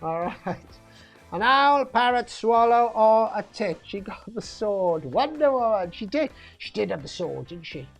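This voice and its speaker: A woman's voice: medium pitch, very animated, a little slow, gravelly, faint music behind. A woman hosting a pub quiz live stream in a chatty, jokey way, reading out answers and laughing often.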